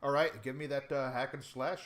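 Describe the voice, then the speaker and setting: A man's voice: medium pitch, little pitch movement, fairly quick, a bit bright. A man running a tabletop game as game master, asking players questions and often restarting his phrases. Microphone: home mic on a live stream.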